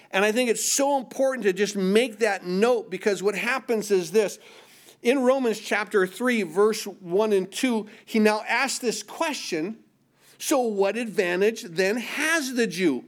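A middle-aged man preaching a sermon, asking the congregation questions and answering them with emphasis. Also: high voice. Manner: call-and-response questions, emphatic. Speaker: pastor.

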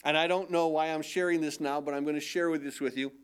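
Preaching quickly in a steady, clean, somewhat high voice, an older pastor keeps his sermon conversational. He trips over and repeats words, restarts lines, and now and then puts on a mock-incredulous voice to drive a point home.

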